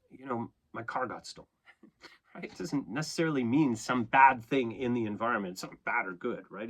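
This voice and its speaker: A man talks through a tarot reading in a loose, conversational way. His pitch swings widely as he speaks. He keeps checking in with the listener and often laughs at himself. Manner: conversational, animated, frequent "okay?" and "right?" check-ins. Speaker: tarot reader and astrologer. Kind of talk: casual spoken tarot reading.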